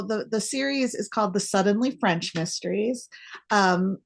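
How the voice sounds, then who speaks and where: A woman podcast host chatting casually with a guest, animated when she acts out her own reactions. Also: mid-range voice, normal speed, creaky. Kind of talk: casual interview chat.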